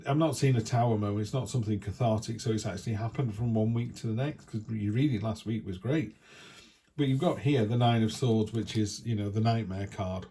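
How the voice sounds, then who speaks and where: Man, tarot reader, low gravelly voice, mellow tone, casual reassuring chat. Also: a little hiss or hum. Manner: chatty, reassuring, down-to-earth.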